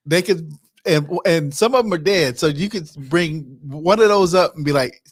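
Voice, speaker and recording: A man from North Carolina co-hosting a podcast, laid-back and quick to laugh while he tells stories. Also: on the high side, slightly rough, dry recording, studio quality. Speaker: podcast co-host. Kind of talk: casual chat.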